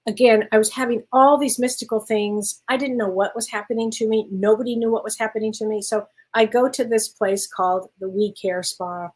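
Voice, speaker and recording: A woman's voice: a little high, fairly quick, few pauses. A middle-aged woman, a spiritual medium hosting her show, telling a personal story in casual chat and acting out the dialogue. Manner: animated anecdote teller who acts out dialogue.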